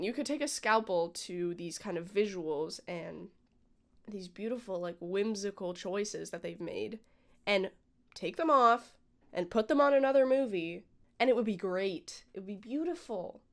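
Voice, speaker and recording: A woman's voice: mid-range voice, animated, moderate pace. A woman vlogger talking casually and with strong opinions, with lots of "like" and "um". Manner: opinionated, chatty, frequent "like" and "um". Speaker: vlogger reviewing a film. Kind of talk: casual chat.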